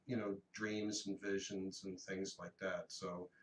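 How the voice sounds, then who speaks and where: A man in his fifties telling a story in a casual, animated and earnest way on a talk radio show. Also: low-pitched, measured pace, a little hiss or hum. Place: radio studio. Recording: roomy echo, mic at a distance.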